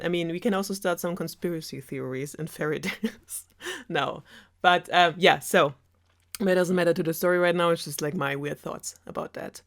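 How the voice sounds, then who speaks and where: A woman's voice: fairly low pitch, normal speed. A German woman telling a fairy tale sarcastically with a German accent, chatty and full of rambling asides. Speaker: storyteller host.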